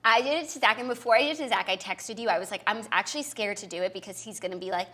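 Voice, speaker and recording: A woman's voice: mid-range voice, racing, fairly bright tone. A woman co-hosting a podcast, trading playful banter in casual chat. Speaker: podcast co-host.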